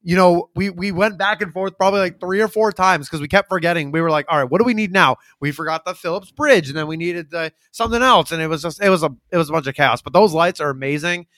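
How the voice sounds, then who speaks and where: A man guesting on a casual podcast, chatting quickly and upbeat. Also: high-pitched, a bit bright, dry recording. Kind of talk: casual chat.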